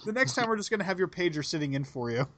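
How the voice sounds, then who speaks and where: A man's voice: high voice, big pitch swings, rapid-fire, a bit bright. A man hosting a casual podcast, joking crudely and laughing often. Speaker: podcast host.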